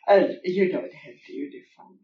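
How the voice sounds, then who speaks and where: A woman's voice: sits low, lively intonation, a little hiss or hum. Older woman, rambling. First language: German. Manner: rambling, halting, many fillers. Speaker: interviewee. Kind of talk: reminiscing interview. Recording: roomy, distant, dull lo-fi recording.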